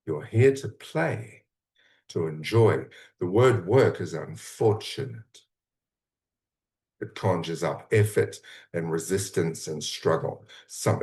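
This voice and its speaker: A middle-aged man leading a guided meditation, speaking slowly and soothingly with long pauses between short phrases. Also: low voice, a little mellow.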